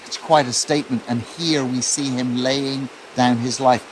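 A male pastor delivers a sermon in a measured, unhurried voice of ordinary pitch. He tells the story with quiet intensity, and a faint hiss sits under his words. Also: steady tone.

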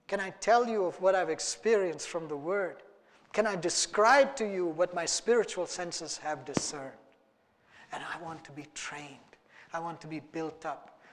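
A man preaching a sermon earnestly, acting out small dialogues and letting his voice rise and fall for emphasis. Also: sits high. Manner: earnest, rising and falling for emphasis, acts out little dialogues. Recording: long hall reverb.

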